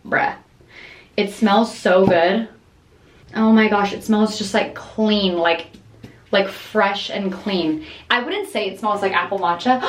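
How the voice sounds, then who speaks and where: A young woman in her twenties chatting casually to her phone camera for a vlog. She is bubbly and excitable, drops in plenty of casual fillers, and reads book passages aloud in a calmer voice. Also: mid-range voice. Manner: bubbly and excitable, heavy on filler words like "dude" and "like". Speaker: lifestyle vlogger.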